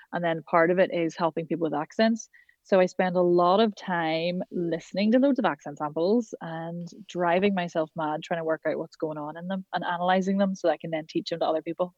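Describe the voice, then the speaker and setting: A woman's voice: lowish voice, darkish tone, dry recording, muffled recording. An Irish woman working as a voice and accent coach, chatting enthusiastically in an interview. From Ireland. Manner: chatty, enthusiastic, quick asides. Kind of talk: casual interview chat.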